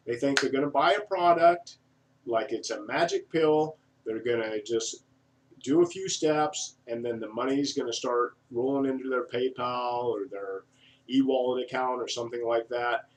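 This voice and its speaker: A man giving an energetic, self-described eccentric video monologue, acting out excited buyers in a raised voice. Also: medium pitch, recorded from a distance. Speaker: online marketing reviewer.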